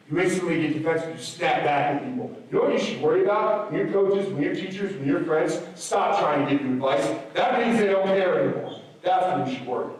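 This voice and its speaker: A man in his thirties, his voice sitting a little high, delivers a punchy motivational speech to students. He fires rhetorical questions at them directly. He is heard from a distance in a very echoey hall. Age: 30s. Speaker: motivational speaker. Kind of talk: motivational speech to a school assembly. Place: large school gym or auditorium.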